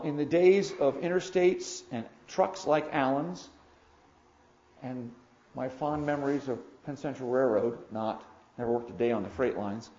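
A man preaching a sermon in an earnest way, with loud emphatic moments and quiet asides. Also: medium pitch. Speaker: pastor. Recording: echoey room, dull lo-fi sound.

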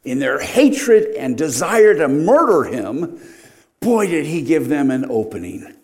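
A man's voice: fairly high pitch, very animated, unhurried. A middle-aged man preaching an expository sermon, emphatic, his voice rising and dropping sharply.

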